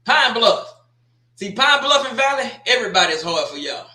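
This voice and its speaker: A man's voice: very high voice, big pitch swings, normal speed, pushed and bright. Man, sports talk host, folksy and rambling, roomy echo. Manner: folksy, rambling, with frequent restarts and asides. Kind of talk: casual sports commentary monologue.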